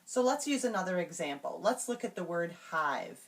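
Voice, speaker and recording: A woman explaining classroom reading routines to teachers, slowly and carefully, and modeling each word sound by sound. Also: on the low side, expressive. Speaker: teacher trainer.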